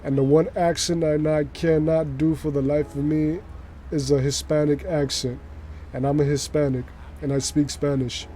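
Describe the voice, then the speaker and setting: A man's voice: a little high, moderate pace, a little hiss or hum. A man giving chatty, casual commentary while streaming a game, with lots of filler words. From New York City. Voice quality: chatty and animated, heavy use of filler words.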